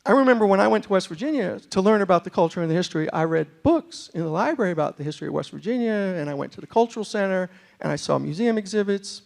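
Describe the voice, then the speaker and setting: Middle-aged male storyteller from New York, high gravelly voice, animated comic pacing, talks to the room. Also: quick pace, few pauses. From New York City. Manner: animated comic delivery with audience asides. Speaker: storyteller and motivational speaker. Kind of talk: humorous storytelling talk. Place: university lecture hall.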